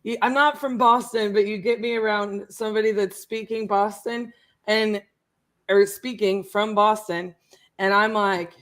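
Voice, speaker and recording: A woman from Ohio co-hosting a casual livestream, chatty and quick to laugh. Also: medium pitch, fairly even intonation, fairly bright tone. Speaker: co-host, real estate investor.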